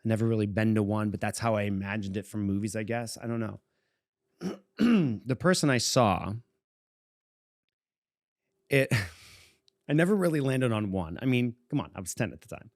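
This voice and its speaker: A Boston man in his forties co-hosts a podcast, telling a long personal story in a meandering way and chuckling often. His voice is fairly low with lively intonation, moderately paced with frequent pauses, in clean studio sound with no room echo.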